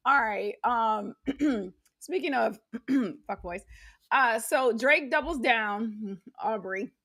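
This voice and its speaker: Bright-voiced woman reading gossip headlines. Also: a little high, slow. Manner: reads headlines and comments, laughs a lot, swears freely. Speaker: podcast co-host. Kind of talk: casual gossip chat.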